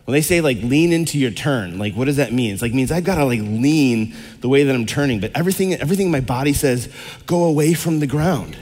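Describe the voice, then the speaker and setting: A man's voice: mid-range voice, animated, quick pace, hardly any pauses, a little mellow, in a large hall. A middle-aged man preaching a casual, interactive sermon to a congregation, chatty and rambling, full of fillers and questions to the crowd. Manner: chatty, rambling, lots of fillers and restarts, asks the audience questions. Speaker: pastor. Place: church hall before a congregation.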